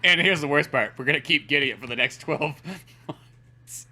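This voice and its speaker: A man co-hosting a casual podcast, talking in an animated way, swearing often and slipping into goofy voices. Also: a little high, normal speed. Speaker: podcast co-host.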